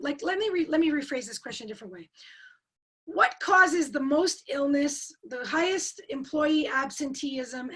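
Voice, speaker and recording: Brief: high-pitched woman coach, lively and quizzing, over a webcam call. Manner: energetic, asks the audience questions and repeats key words. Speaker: speaker at an online coaching forum. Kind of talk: interactive webinar teaching.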